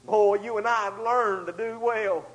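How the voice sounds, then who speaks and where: A man preaching a storytelling sermon, swinging between loud outbursts and hushed asides. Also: sits high, fairly even intonation, unhurried, rough recording.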